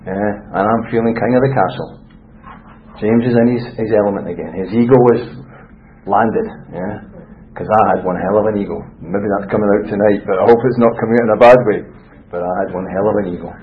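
Scottish guy, middle-aged, rambling and candid with lots of restarts, lowish voice, dull lo-fi sound w faint hiss. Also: brisk. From Scotland. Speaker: speaker sharing his story. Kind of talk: personal testimony talk. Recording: dull lo-fi recording with faint noise.

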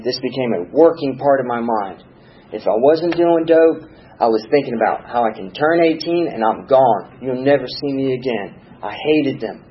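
A man's voice: mid-range voice, a little hiss or hum. Earnest guy from virginia telling his story, repeats himself, muffled lo-fi recording. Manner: earnest, repetitive, asks "okay?" and "all right?" to the room. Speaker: speaker sharing a recovery story. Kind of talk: personal testimony talk.

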